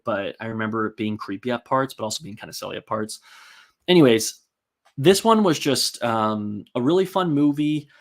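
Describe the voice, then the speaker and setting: A man hosting a casual live-stream, rambling and chatty with many ums and likes as he reads out and answers viewer comments. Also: mid-range voice.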